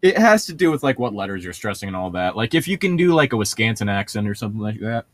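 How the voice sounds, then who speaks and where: A man's voice: lowish voice, big pitch swings, fast talker, fairly bright tone, no room sound, studio quality. A man hosting a casual comedy podcast, swearing freely and laughing often. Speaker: podcast host.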